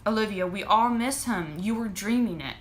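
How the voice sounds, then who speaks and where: Woman reader as a strict mom, firm and scolding, mid pitch. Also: normal speed, a little hiss or hum, close to an everyday voice. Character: stern, tearful mother of a teen.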